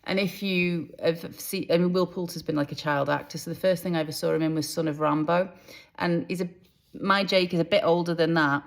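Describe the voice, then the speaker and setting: A woman's voice: lowish voice, steady tone, fairly quick, vocal fry. A woman author talking casually to camera about books and TV casting, in a chatty, rambling way. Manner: chatty, rambling, self-deprecating. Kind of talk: casual vlog chat.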